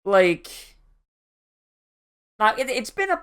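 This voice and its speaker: A man's voice: fairly high pitch, a little slow, a bit bright. Young guy, anime reactor, rambling and sweary, sarcastic asides. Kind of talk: casual reaction commentary.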